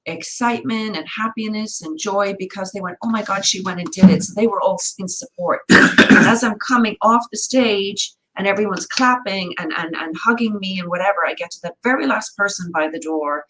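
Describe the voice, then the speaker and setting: A woman co-hosting a casual spiritual chat, telling her stories in an earnest, animated way. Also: medium pitch, normal speed, few pauses, rough recording. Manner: earnest storytelling, animated retelling. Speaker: co-host and singer.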